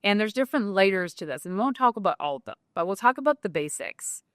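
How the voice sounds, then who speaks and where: An animated woman talks as an interview guest, her mid-pitched voice quick and full of "like" fillers. The sound is dry and close, with no room echo. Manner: animated, talkative, many "like" fillers. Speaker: guest entrepreneur. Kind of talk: casual interview talk.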